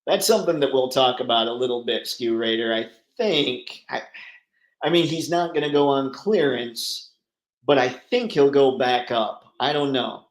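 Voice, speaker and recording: A man's voice: mid-range voice, normal speed, roomy sound, poor audio. Chatty man hosting a live stream. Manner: chatty, rambling, laughs easily. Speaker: livestream host. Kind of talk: casual live chat reading viewer comments.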